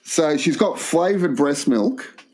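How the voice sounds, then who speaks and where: A man co-hosting a crude comedy podcast, telling long rambling anecdotes in a deadpan way. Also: a little high, slow. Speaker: podcast co-host.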